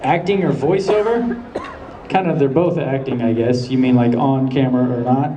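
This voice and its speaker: A man's voice: mid-range voice, moderate pace, lo-fi sound, background noise. Man on a convention panel, recorded from afar. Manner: laid-back, laughs often, many ums and uhs. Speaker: voice actor guest on a convention panel. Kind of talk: panel Q&A storytelling. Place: large convention hall. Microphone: handheld camera far from the stage. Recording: echoey hall from far off, audience. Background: audience murmurs and laughter.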